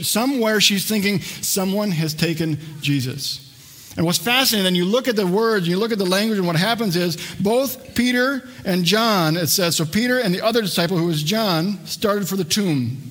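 Man preaching with a storytelling voice. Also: a bit bright. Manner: storytelling, acts out quoted lines in a lower, slower voice. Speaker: pastor. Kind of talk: sermon.

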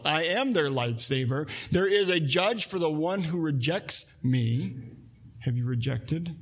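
A man preaching a sermon from the pulpit with a slightly higher than usual voice. He reads scripture aloud and presses his congregation with earnest, direct questions. His delivery is that of a pastor speaking to his church. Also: slightly rough.

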